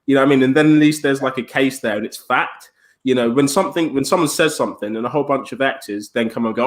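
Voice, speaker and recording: A man co-hosting a casual podcast chat, talking fast, swearing and acting out what other people say. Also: medium pitch, poor audio. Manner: rapid, swearing, acts out quoted people. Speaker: podcast co-host.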